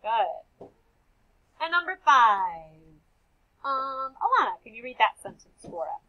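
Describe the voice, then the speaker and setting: A woman's voice: high-pitched, sing-song, slow pace, lo-fi sound. A young woman teaching a classroom phonics lesson, calling on students by name and repeating their answers with encouragement. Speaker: elementary school teacher.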